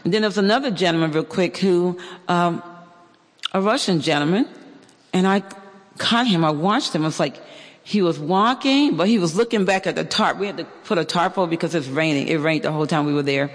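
High-voiced man telling a story in a hall. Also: fairly quick. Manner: animated storytelling with fillers and restarts. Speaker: church member giving testimony. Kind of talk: personal testimony.

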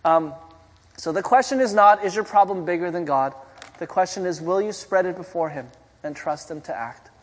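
A man's voice: high voice, moderate pace. A man preaching a sermon in a conversational way, often asking the congregation rhetorical questions. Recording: long hall reverb.

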